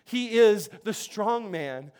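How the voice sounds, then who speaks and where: A man preaches a sermon as pastor, his high voice slow, smooth, a little mellow, and lively in intonation. He talks conversationally, often repeating words when he restarts a sentence.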